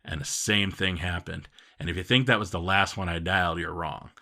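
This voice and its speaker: A man's voice: deep voice, fairly even intonation, a little fast, pushed and bright. A man telling a comic story from his own life in a rambling, self-mocking way, full of fillers.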